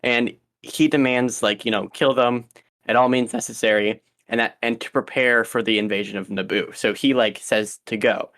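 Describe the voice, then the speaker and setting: A young man co-hosts a podcast, speaking at a normal speed in a medium-pitched, steady, fairly bright voice. His casual chat rambles, with frequent ums and restarts.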